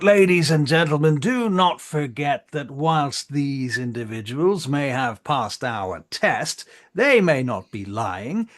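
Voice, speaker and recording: A man's voice: a little high, fairly bright tone, pitched above the performer's own voice. A man playing a pompous suspicious marshal. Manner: slow, oratorical, cautioning. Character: suspicious, pompous male marshal addressing a council.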